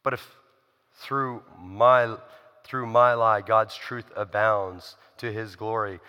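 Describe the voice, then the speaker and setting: A man's voice: on the low side, steady tone, slow pace, sharp tone, clean tone, long reverb tail. A man preaching a sermon in a conversational, emphatic way, asking the listeners rhetorical questions. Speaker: pastor.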